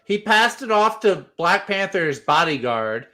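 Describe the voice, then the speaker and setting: A man co-hosts a casual comics livestream, talking in loose, animated bursts and laughing often. His voice sits a little high and moves freely up and down, and he often restarts mid-sentence. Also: a little slow. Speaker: co-host. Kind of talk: casual chat.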